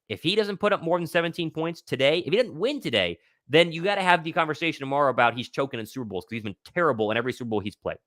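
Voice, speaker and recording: A young man hosting a live sports stream, talking with excitable confidence and reading out viewers' questions. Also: a little high, dry recording, clean studio sound. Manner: excitable, confident, reads chat questions aloud. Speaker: host of a sports livestream. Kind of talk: live pregame Q&A commentary.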